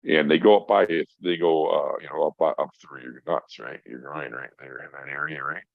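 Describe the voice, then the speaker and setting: A man's voice: extremely low pitch, steady tone, normal speed, vocal fry, no echo. A man, a podcast guest who works in mental health, tells a story in a casual, emphatic and profane way. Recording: dull lo-fi dry sound.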